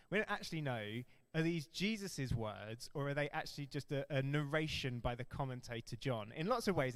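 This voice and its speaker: A man preaching a sermon as pastor, earnest and emphatic, stressing key phrases slowly. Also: medium pitch, big-room sound.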